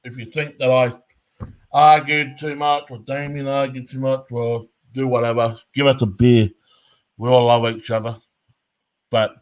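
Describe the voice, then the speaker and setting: A man's voice: mid-range voice, flat delivery, unhurried. A man giving a heated, blunt commentary rant, swearing constantly and hammering his points. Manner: profane, blunt and emphatic.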